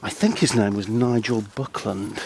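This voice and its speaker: A man speaking outdoors on a countryside path in a hesitant, halting, dry deadpan ramble full of ums and restarts. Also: on the low side, vocal fry, a little hiss or hum, rough recording. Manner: dry, self-deprecating. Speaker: comedy vlogger.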